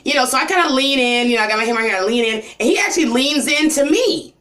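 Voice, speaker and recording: A woman's voice: animated, fast talker, a bit bright. Rambling woman telling a story. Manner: rambling, repeats "you know" and "like"; voice drops low and cries near the end. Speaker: vlogger. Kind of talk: emotional storytime vlog.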